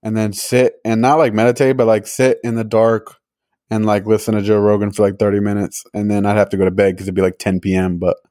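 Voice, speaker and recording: A man's voice: on the low side, little pitch movement, fast talker, mellow, dry recording, studio quality. A young man co-hosting a podcast, chatting casually and rambling with lots of filler words. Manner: rambling, many "like" fillers, laughs easily. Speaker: podcast co-host. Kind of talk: casual chat.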